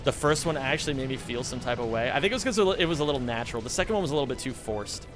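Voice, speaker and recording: A young man from the United States chats casually while livestreaming a game, rattling along rapid-fire with lively intonation at a medium pitch. He rambles, swears freely, and leans heavily on the filler "like," with background music playing.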